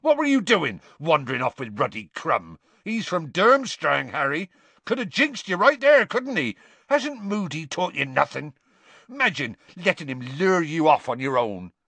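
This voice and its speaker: A man reading aloud and voicing a gruff, hot-tempered giant of a gamekeeper who growls his words bluntly. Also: medium pitch, animated, normal speed, sharp tone, no room sound. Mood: indignant.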